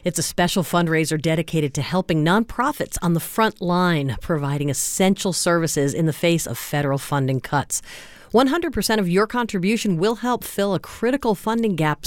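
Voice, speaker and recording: A woman radio host making an earnest, pleading fundraising appeal in a studio, spelling out a web address slowly. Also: lowish voice, no echo. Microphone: studio microphone.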